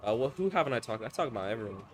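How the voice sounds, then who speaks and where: A man doing casual live commentary on a fighting game, loud and teasing, swearing freely. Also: mid-range voice, lively intonation, very fast, soft background music. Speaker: esports commentator.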